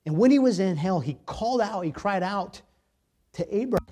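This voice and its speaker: A man preaching a sermon, reading scripture aloud with emphatic, dramatic swings between loud and soft. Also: sits high, animated, brisk, husky. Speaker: pastor.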